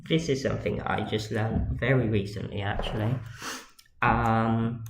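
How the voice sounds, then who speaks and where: A man's voice: fairly low pitch, steady tone, a little slow. A man giving casual livestream commentary as he models, rambling and joking and muttering to himself as he works. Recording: echoey room with faint noise. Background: keyboard and mouse clicks.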